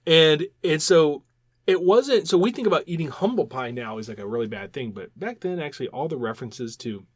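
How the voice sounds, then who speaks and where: A man co-hosting a podcast in casual chat, animated and rambling, often repeating words as he explains. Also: fairly high pitch, brisk, husky, no echo, studio quality. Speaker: podcast co-host.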